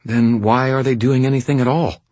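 A man voicing a blunt, skeptical female police officer who talks in short, flat questions. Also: mid-range voice, normal speed, dry recording, pitched above the performer's own voice, lightly acted.

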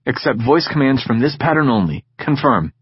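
A man's voice: medium pitch, very animated, moderate pace, breathy edge, dry recording, highs cut off, voice pushed up. A man voicing a young male prisoner who fakes pain to escape, with strained, groaning pleas. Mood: commanding.

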